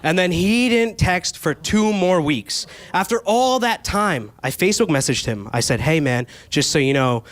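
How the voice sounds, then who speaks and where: A man's voice: a little high, no echo. A young man performing a stand-up comedy set on a club stage, telling stories with quoted back-and-forth exchanges. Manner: animated storytelling with quoted exchanges.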